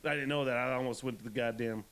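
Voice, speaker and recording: A man hosting a podcast, telling a story in a profane, animated, ranting way. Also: medium pitch, quick pace. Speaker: podcast host. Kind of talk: casual podcast chat.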